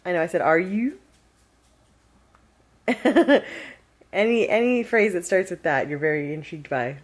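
A woman's voice: lowish voice, animated, normal speed. A woman in her thirties chatting casually at home for her weekly vlog, laughing often and talking to her dogs. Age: 30s. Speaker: vlogger. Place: at home indoors.

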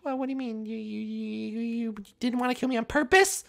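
Man putting on a young Inkling girl, Minecraft role-play, high-pitched, whiny, stammering. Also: brisk, creaky, a bit bright, heavily acted. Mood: indignant.

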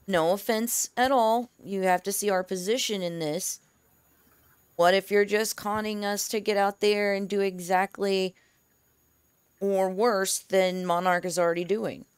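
A woman's voice: medium pitch, fairly even intonation, a little slow, clean tone, no room sound. A woman playing a tabletop game, talking bluntly and skeptically and swearing freely. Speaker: player. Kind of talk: casual in-character play.

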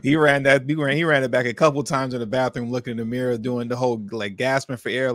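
Male co-host, mid-pitched, casual and disbelieving, dry sound. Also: fast talker, few pauses, a bit bright, no echo. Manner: incredulous, laughing, slangy questions. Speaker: podcast co-host. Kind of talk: casual podcast chat.

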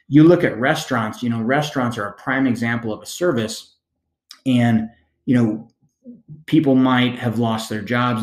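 A man teaching a recorded lesson, explaining in a relaxed, conversational way and often checking in with "okay?". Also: medium pitch, echoey room. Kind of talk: recorded classroom lecture.

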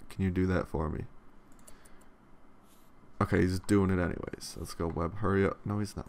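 A man's voice: low voice, fairly even intonation, moderate pace, gravelly, pauses often, darkish tone, a little hiss or hum. A young man giving casual, rambling gameplay commentary, swearing freely and yawning often. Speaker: let's play commentator.

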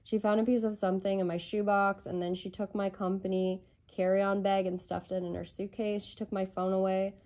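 A woman's voice: mid-range voice, little pitch movement, fairly quick, few pauses, dark tone. A woman giving a channeled tarot reading, rambling and tentative as she thinks aloud. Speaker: tarot reader.

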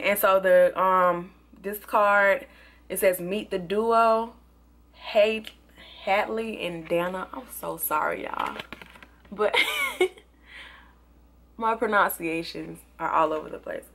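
A woman's voice: medium pitch, fairly bright tone. A woman with a Southern US country accent, chatting casually in a product review vlog and often saying y'all. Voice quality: chatty, says y'all a lot. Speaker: beauty vlogger.

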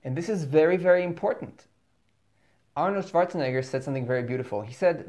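A man's voice: fairly high pitch, fast talker, darkish tone. A man giving an earnest motivational spiritual talk as a teacher, repeating words for emphasis.

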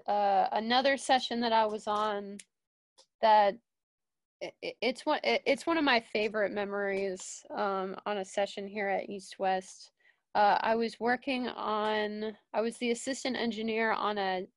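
A young woman and studio manager telling a casual story, full of fillers and restarts, jumping higher when she quotes people. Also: dry recording.

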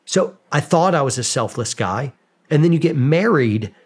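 A man, a podcast guest, telling casual stories about himself in a lively, self-mocking way, acting out bits of dialogue. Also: fairly high pitch, moderate pace, husky. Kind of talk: casual storytelling. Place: podcast studio.

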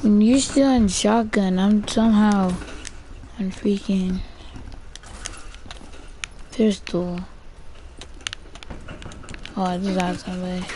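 A woman's voice: medium pitch, fairly even intonation, slow, long pauses, dark tone, a little hiss or hum. A woman gamer giving casual gameplay commentary, frustrated and swearing often, with "bruh" in nearly every sentence.

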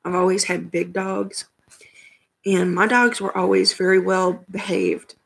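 Woman streamer, casual home chat, husky and unhurried, chatty with frequent laughs. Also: mid-range voice, steady tone, low-quality recording. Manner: chatty, rambling, laughs often. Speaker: livestream host.

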